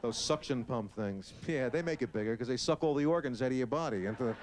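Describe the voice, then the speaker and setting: A man's voice: mid-range voice, fast, a little mellow. A male stand-up comedian on stage before a live audience, talking brashly and profanely and acting out voices. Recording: hissy old VHS tape recording.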